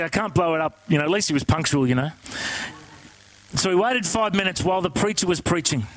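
A man preaching a sermon, telling a story in an animated, conversational way and asking the congregation questions. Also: high voice, dry recording, rough recording.

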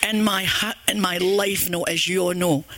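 A woman's voice: lowish voice, steady tone, normal speed, a bit bright, no room sound. An older woman with a Scottish accent giving an earnest, rambling church testimony with many restarts. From Scotland.

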